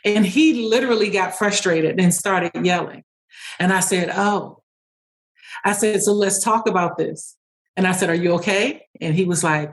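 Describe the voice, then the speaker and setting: A woman with a slightly low voice talks through clinic stories at a brisk pace. She piles up fillers and restarts and slips into quoted dialogue as she explains her methods. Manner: storytelling, acts out dialogue; quick, many fillers and restarts. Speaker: speech-language pathologist guest. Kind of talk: conversational interview answers.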